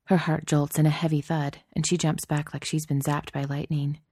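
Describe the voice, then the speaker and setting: A woman narrating a story in a steady, soft-spoken audiobook style. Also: low voice, moderate pace, no echo, studio quality.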